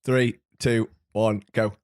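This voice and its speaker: A man's voice: fairly low pitch, little pitch movement, takes it slowly, a little mellow. A man co-hosting a podcast, chatting casually in a nervous, rambling way as he describes what is happening to him. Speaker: podcast co-host.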